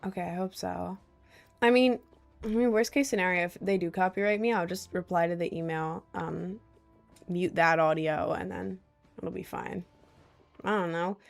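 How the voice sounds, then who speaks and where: A woman's voice: on the low side, fairly even intonation, normal speed, vocal fry. A young woman livestreaming, chatting casually with her viewers in a rambling, self-deprecating way. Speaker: livestreamer reading chat. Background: faint Celtic music.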